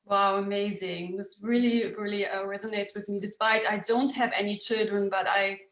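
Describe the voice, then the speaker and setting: A woman hosting an interview who asks questions in a measured, hesitant way and uses fillers. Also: medium pitch, fairly even intonation, a bit bright. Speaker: interview host. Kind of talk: casual interview talk. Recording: echoey room.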